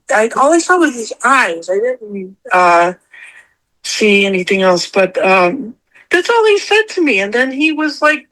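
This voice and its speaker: Animated woman telling her own story. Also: poor audio. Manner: animated, acts out her own quotes in a high voice. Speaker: podcast guest. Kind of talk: casual storytelling interview.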